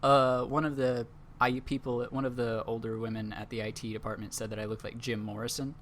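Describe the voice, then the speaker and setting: A man's voice: medium pitch, little pitch movement, fairly quick, a bit bright. Young man, podcast host, rambling anecdote, lots of fillers, casual chat, faint noise behind. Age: young adult. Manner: rambling, filler-heavy storytelling.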